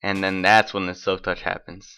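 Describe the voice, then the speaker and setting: Bright-voiced man rambling over gameplay. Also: deep voice, level tone, moderate pace, smooth. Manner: rambling, offhand, chatty. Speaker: let's play host. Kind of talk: casual gameplay commentary.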